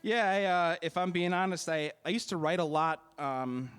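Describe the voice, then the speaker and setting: A man's voice: high voice, moderate pace, fairly bright tone, clean tone. A young man, a singer-songwriter from the Milwaukee area, answering interview questions in a casual, hesitant way with many fillers and restarts.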